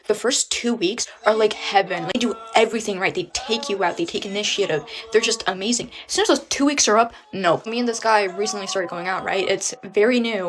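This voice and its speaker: A young woman venting to camera in an exasperated, profane way, full of rhetorical questions. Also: medium pitch.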